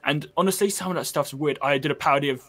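Man, slightly high voice, quick hesitant podcast talk. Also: fairly bright tone. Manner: hesitant, trailing off. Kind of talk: casual chat.

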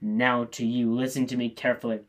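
A man's voice: medium pitch, little pitch movement, brisk, close to an everyday voice. A man reading the part of an angry, blustering king in a play, speaking in a commanding, raised voice. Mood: wrathful.

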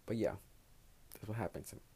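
Gravelly low-voiced man, blunt and profane. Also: expressive, fast talker, dark tone, a little hiss or hum. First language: Spanish. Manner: blunt, profane, rambling advice-giving. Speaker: podcast host. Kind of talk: casual solo podcast monologue.

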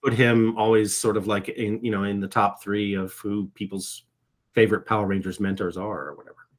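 Speaking fairly quickly in a lowish, level tone, a middle-aged voice actor reflects on interview questions. He frequently repeats words as a thought gets underway.

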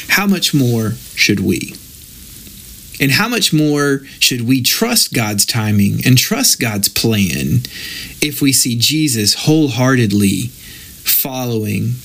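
A man's voice: medium pitch, creaky, fairly bright tone. Earnest man leading a devotional. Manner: earnest and conversational, with frank asides. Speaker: devotional leader. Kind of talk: informal daily devotional talk.

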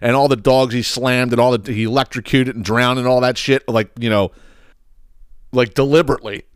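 A man's voice: medium pitch, fairly even intonation, a little fast, clear, resonant tone, no echo, studio quality. A man hosting a podcast, ranting heatedly with plenty of profanity. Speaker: podcast host.

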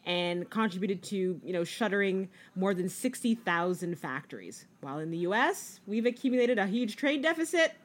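A woman's voice: medium pitch, lively intonation. A woman co-hosting a round-table podcast who lays out facts and leads the quiz round. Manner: measured, reads facts, runs the speed round. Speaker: podcast co-host. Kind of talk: casual round-table chat.

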